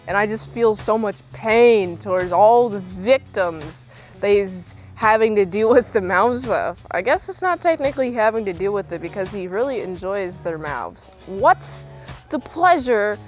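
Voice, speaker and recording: A young woman vlogger recapping a film in a chatty, sarcastic, exasperated way. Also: a little high. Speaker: movie review vlogger. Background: faint background music.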